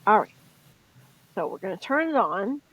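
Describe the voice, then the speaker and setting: Husky middle-aged woman telling a story. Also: mid-range voice, sing-song, moderate pace, fairly bright tone, low-quality recording. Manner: storytelling, explains step by step. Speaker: podcast co-host. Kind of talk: casual chat.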